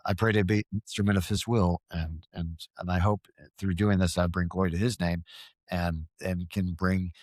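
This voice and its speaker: A man's voice: deep voice, flat delivery, moderate pace, a little mellow, no room sound. A man talking as a guest on a podcast, rambling and earnest, often stammering and restarting. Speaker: podcast guest, paranormal field researcher. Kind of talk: casual podcast conversation.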